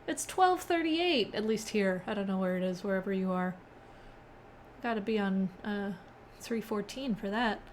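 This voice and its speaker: A woman's voice: medium pitch, level tone, normal speed, a little mellow, a little hiss or hum. Chatty woman streamer reading chat. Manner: chatty, reads chat aloud, laughs often. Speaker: live-stream host. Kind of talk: casual live-coding stream chat.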